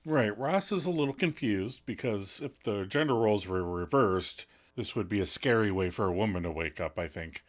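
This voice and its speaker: A man co-hosts a casual podcast recap, his pitch moving up and down freely. He slips in dry, deadpan asides, dropping low for the jokes. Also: normal speed, hardly any pauses. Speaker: podcast co-host.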